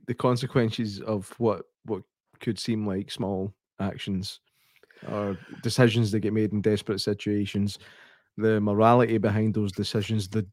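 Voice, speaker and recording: A man's voice: lowish voice, darkish tone, dry recording. A man with a Scottish accent co-hosting a film review podcast, speaking thoughtfully and hesitantly, with frequent ums. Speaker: podcast co-host. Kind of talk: casual film review chat.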